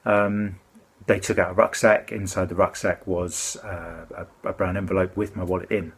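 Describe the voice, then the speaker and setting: A man's voice: low-pitched, little pitch movement, normal speed, breathy edge. A man from the UK telling a rambling, indignant complaint story in a casual spoken way, often stopping to correct himself. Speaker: complaining customer.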